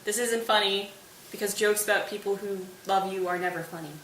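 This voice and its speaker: A woman's voice: medium pitch, steady tone, a little fast, a bit bright, echoey room, far from the mic, a little hiss or hum, natural voice, poor audio. A woman voicing a hurt young woman who pleads and pushes back at people teasing her. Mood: pleading. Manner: pleading, upset.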